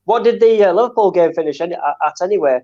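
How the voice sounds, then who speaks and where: A man with a Northern English accent, his voice sitting a little high for a man. He chats casually about football and laughs a lot between quick bursts of talk. The sound is dull and lo-fi. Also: warm tone. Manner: laughs often, rapid bursts. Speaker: co-host.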